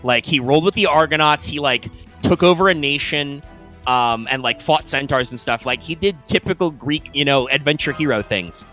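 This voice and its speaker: A man's voice: on the high side, normal speed, pushed and bright, soft background music. A man co-hosting a casual gaming podcast, rambling with lots of fillers and restarts and casual swearing. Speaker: podcast co-host. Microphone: live stream microphone.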